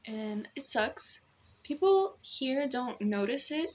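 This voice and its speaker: A woman's voice: sits high, expressive, slow pace, darkish tone, a little hiss or hum. A young Brazilian woman, a native Portuguese speaker, rambling in casual self-deprecating talk to her phone camera at home, with a Brazilian accent tinged by American influencer speech. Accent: Brazilian, with American influencer tones. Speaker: vlogger.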